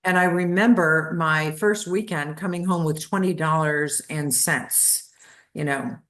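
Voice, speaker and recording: An older woman in her seventies, a guest on a podcast, recounts memories with lively storytelling energy. Her voice sits slightly low and she slips into little voices for the family members she quotes. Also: a little slow. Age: 70s.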